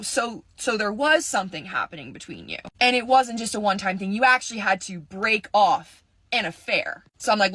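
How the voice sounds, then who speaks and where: A woman's voice: mid-range voice, animated, moderate pace, bright, forceful tone, dry recording. Dramatic, swearing young woman storyteller. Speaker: vlogger. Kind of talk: storytime vlog. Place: parked car.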